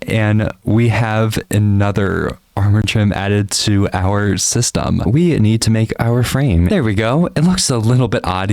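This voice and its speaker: A man's voice: fairly low pitch, darkish tone, no echo, clean studio sound. A man hosting his own gaming channel, giving upbeat, chatty commentary as he plays and talking straight to his viewers. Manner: upbeat and chatty, talks to viewers and to animals in the game. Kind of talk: casual game commentary.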